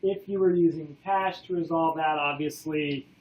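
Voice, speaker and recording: A man lecturing a college class in a casual manner, filling pauses with "uh" and checking in with the students, his voice going hoarse. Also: on the high side, fairly even intonation, a little mellow, low-quality recording. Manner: casual, many "uh" fillers, checks in with "okay?". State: losing his voice.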